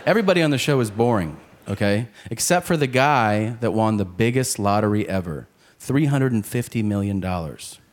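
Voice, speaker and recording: A man doing a stand-up comedy set on a club stage, acting out characters in quick asides. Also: lowish voice, animated. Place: comedy club stage before a laughing audience. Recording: live club recording with crowd laughter and noise.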